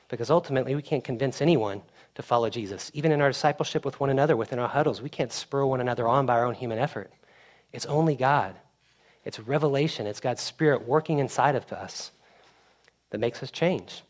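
A man's voice: medium pitch, fast. A young male pastor gives a sermon in a mid-range voice. He talks casually, almost like chatting with friends, and livens up when he tells a story. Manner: conversational, animated when storytelling.

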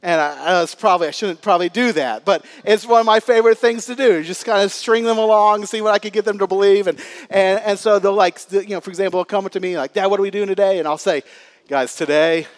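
A man's voice: high voice, fast talker. A man in his thirties, a pastor giving a sermon in a church, talking casually with fillers and stories. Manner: casual, chatty storytelling with laughs and fillers.

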